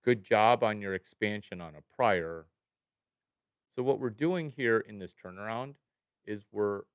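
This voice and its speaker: Excitable man livestreaming, slow and crisp. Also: lowish voice, dry recording, clean studio sound. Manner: excitable, jumps from mumbling to loud outbursts. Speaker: livestream host. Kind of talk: animated livestream talk to chat.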